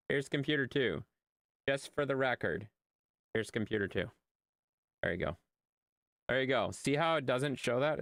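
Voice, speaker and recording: A man streaming a game live, chatting casually with his viewers, animated and playful with repeated phrases. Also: medium pitch, creaky, no echo.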